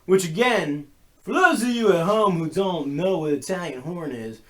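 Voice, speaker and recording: A man's voice: sits high, lively intonation, normal speed. A man in his twenties co-hosting a podcast, chatting casually and telling rambling, laid-back stories. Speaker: podcast co-host. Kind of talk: casual chat.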